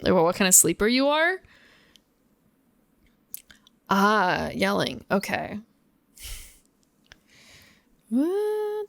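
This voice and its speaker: Gaming streamer lady, chatty and giggly, bit of vocal fry, dry close sound. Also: medium pitch, big pitch swings, slow, pauses often, no room sound. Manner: musing, chatty, laughs often; talks to chat between gameplay. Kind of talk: casual live-stream chat while gaming.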